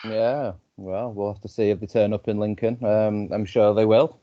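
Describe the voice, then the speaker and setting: A man's voice: lowish voice, level tone, moderate pace, dull audio. A man with a Scouse accent from Liverpool, co-hosting a casual podcast chat in a laid-back way and laughing easily. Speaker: podcast co-host.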